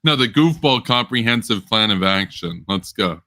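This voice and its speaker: A man's voice: lowish voice, animated, moderate pace, pushed and bright, no echo. A man co-hosting a political podcast, joking and riffing in a casual way. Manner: joking, riffing, mock-announcer voices. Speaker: podcast co-host.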